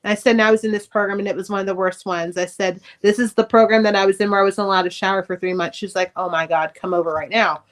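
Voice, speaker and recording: A middle-aged woman, an author on a podcast, candidly telling her life story in casual, profane, animated speech. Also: mid-range voice, fast talker, hardly any pauses.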